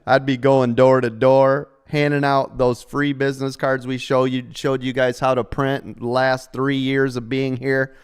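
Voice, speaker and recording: A man's voice: medium pitch, little pitch movement, normal speed, hardly any pauses, smooth. A middle-aged man hosting a live trading stream, talking casually and salesy to members, joking and tossing in "right?" often. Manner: chatty, salesy, jokey with frequent rhetorical "right?".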